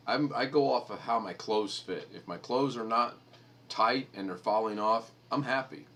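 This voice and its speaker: A man's voice: moderate pace, bright, forceful tone. A middle-aged man hosting a live stream, chatting casually and bluntly, acting out the people in his stories. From United States. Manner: blunt storyteller, mimics people in high voices. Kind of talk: casual chat.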